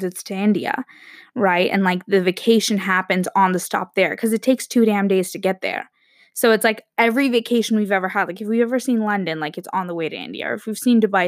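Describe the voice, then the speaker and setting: A young woman in her early twenties, chatting casually and rambling, with lots of "like" and quick self-interruptions. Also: mid-range voice, dry recording, studio quality. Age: young adult. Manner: rambling, chatty, heavy use of "like", frequent laughs and self-interruptions. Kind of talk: casual monologue to camera.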